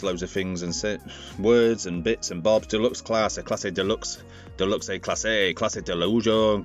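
A man chatting through a casual toy unboxing review, rambling with jokey asides. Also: fairly low pitch.

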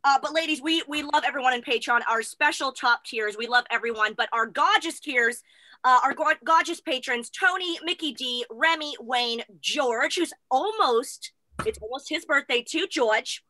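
A woman's voice: high voice, pushed and bright, dry recording. A woman co-hosting a casual talk show, bubbly and chatty, calling herself the crier of the group. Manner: bubbly, chatty, quick to tears. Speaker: co-host. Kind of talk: casual chat.

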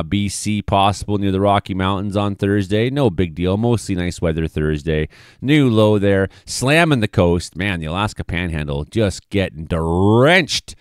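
A man talks through the weather maps in a loose, rambling way, throwing in sarcastic jabs and swear words as he goes. His voice is smooth and resonant. The sound is close and dry, with no room echo. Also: lowish voice. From British Columbia, Canada. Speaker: amateur weather forecaster. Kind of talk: casual forecast commentary over weather maps.

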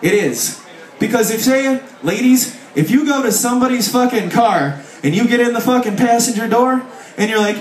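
A man shouting profane jokes in an echoey club. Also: high voice, animated, normal speed. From Chicago area. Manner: loud, swearing, mock voices, shouting to the crowd. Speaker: author speaking at a music festival. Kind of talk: profane comic stage talk to a crowd. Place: festival stage at a bar venue. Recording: echoey live venue, mic heard from a distance.

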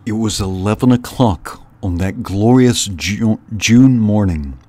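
A man reading a children's novel aloud in an unhurried, deliberate way, as host of a storytime channel. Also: on the low side, dark tone.

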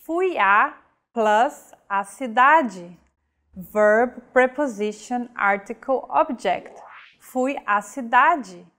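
A woman gives a scripted pronunciation lesson in an unhurried, deliberate way, with a voice that sits a little high. She says each example word on its own, slowly and clearly, as a teacher would. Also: lively intonation, a bit bright. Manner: careful, measured teaching delivery with modeled example words. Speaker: language teacher.

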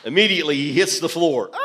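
Preacher guy, 40s, animated self-deprecating storytelling, long church hall reverb. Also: a little high. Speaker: pastor. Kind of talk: sermon storytelling. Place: church auditorium.

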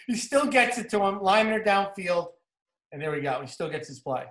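Male football coach, New Jersey accent, high voice, energetic clinic talk in a roomy echo. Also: moderate pace. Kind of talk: clinic talk narrating game film.

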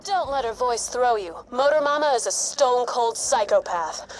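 A sultry, flirtatious hostess in a video game, teasing and suggestive, her voice pitched a little high, as a woman acts her out. She drawls her briefings with playful innuendo. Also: expressive, moderate pace, a little hiss or hum, lightly acted, poor audio.

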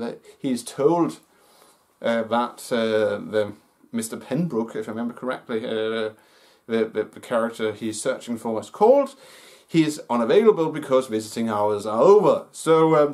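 On his own movie review show, a medium-pitched man speaks off the cuff in a casual style. Many pauses, fillers and restarts run through his speech.

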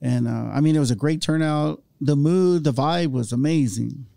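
His voice sits on the high side, with vocal fry and a dark tone, moving at a moderate pace with no echo. He's an Orange County, California podcast host telling stories in a casual chat and acting out voices along the way.

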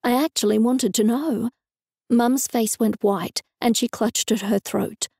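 A woman's voice: on the high side, a little slow, vocal fry, a little mellow, slightly rough, no room sound. Dry, wry woman audiobook narrator. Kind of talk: first-person novel narration.

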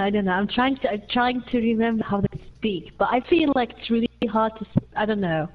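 A woman's voice: on the high side, fairly quick, hardly any pauses, phone-quality sound. A woman streaming a video game, chatting casually in a hesitant, giggly way. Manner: hesitant, giggly, many restarts. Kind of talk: casual gameplay chat.

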